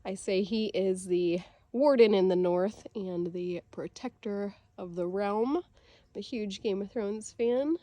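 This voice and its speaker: A woman's voice: medium pitch, measured pace, warm tone. Chatty woman vlogging on her farm. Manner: chatty, bubbly, laughs easily. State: slightly out of breath. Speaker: homesteading vlogger. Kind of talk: casual vlog walkthrough. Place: outdoors on a farm, by a chicken coop. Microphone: handheld camera.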